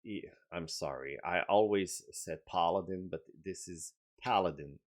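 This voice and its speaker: A man's voice: low-pitched, a little slow, a little mellow. A man with a French accent, a game designer giving a casual update video, talking hesitantly with many fillers and restarts.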